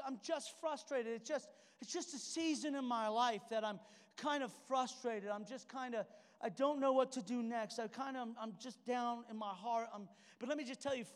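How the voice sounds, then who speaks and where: A young adult man preaching a sermon as a pastor, casual and storytelling, acting out conversations with his friend. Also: extremely high pitch. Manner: conversational, storytelling preacher who acts out dialogue. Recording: long hall reverb.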